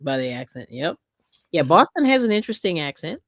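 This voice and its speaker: Low-voiced woman hosting a livestream, dry sound. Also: sing-song, fairly quick, no room sound. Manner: reads viewer comments aloud, easygoing. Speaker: livestream host. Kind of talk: casual chat on a livestream.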